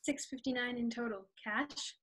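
A woman acting student delivering a line in a quiet, husky near-whisper during an acting exercise. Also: a little high, normal speed.

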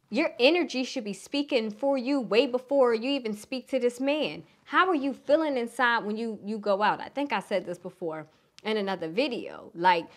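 Blunt Philly woman with Southern twang. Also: on the high side. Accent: Philadelphia with a Southern twang. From Philadelphia. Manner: frank, blunt, swears casually. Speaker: relationship coach. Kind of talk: casual advice vlog.

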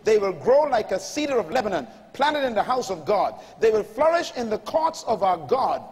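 A man's voice: high voice, sing-song, normal speed, big-room sound. A man preaching a sermon in an emphatic call-and-response manner, reading scripture aloud and urging the congregation to respond. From Bahamas. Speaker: pastor.

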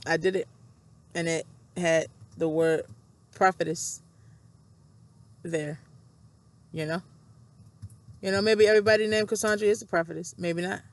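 A woman's voice: fairly low pitch, steady tone, a little slow, long pauses. A woman vlogger in a casual, rambling monologue, thinking aloud, repeating herself and reading scripture aloud between thoughts. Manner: rambling, repetitive, self-reflective, thinking aloud.

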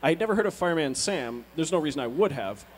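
A man interviewing a guest at a convention on a handheld mic, asking halting questions that he keeps restarting. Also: on the high side, lively intonation. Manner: halting, self-correcting questions. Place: convention hall. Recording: reverberant hall with faint background noise.

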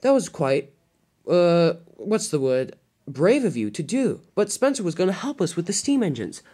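A fawning diesel henchman in a storybook, flattering his boss and fumbling for the right word, as the reader does him. His pitch jumps around in a lively way. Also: moderate pace, breathy edge.

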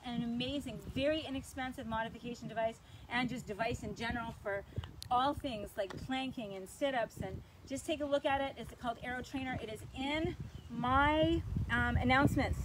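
A woman's voice: a little high, background noise. A woman fitness instructor coaching a live workout, counting reps aloud and cheering viewers on while out of breath.

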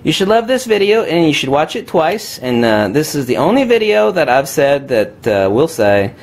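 A man's voice: on the high side, very animated, moderate pace. A man giving an unscripted, emphatic talk while demonstrating magnets, addressing viewers as kiddies.

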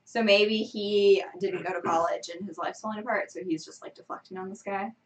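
A woman's voice: mid-range voice, steady tone, a little fast, far from the mic, low-quality recording. A woman co-hosting a live screenwriting show, musing casually and hesitantly. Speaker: co-host. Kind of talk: live chat critique.

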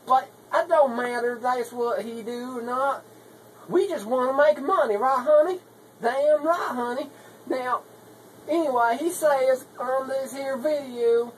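A woman's voice: on the high side, slight background noise, lightly acted, poor audio. A woman playing a drawling scheming country wife. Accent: put-on rural Southern US hick. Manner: rambling, folksy, drawling, calls everyone honey. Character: scheming country wife pitching web-marketing tricks. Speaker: comedy video maker. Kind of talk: comedy sketch monologue.

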